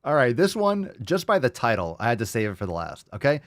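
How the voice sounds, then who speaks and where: A man's voice: medium pitch, sing-song, a little fast, no echo, studio quality. A man hosting a commentary show, ranting crudely and mocking his subject with sarcasm. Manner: crude, mocking, sarcastic rants with mock voices. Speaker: show host.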